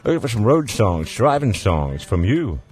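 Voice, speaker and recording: A man's voice: lowish voice, big pitch swings, moderate pace, darkish tone, soft background music. A man hosting a call-in radio show, joking easily with callers in casual banter. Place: radio studio.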